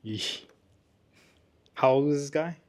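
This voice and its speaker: A man's voice: a little high, takes it slowly, darkish tone. A man, a podcast co-host, dropping short dry comments in casual chat.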